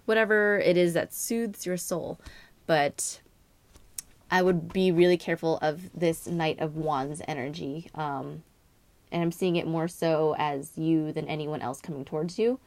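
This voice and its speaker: A woman's voice: low-pitched, no room sound. A young woman giving a casual astrology and tarot reading, rambling and filling her talk with "like" and "um". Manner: rambling, many fillers and "like". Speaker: tarot reader.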